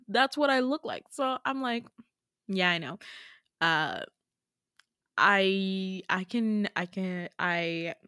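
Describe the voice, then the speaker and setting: A young woman hosting a podcast, telling a dream story in a chatty, giggly way full of fillers. Her voice is mid-pitched and recorded very dry on a close mic. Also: big pitch swings, slow pace, a bit bright, smooth, no echo. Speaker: podcast host. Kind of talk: casual storytelling.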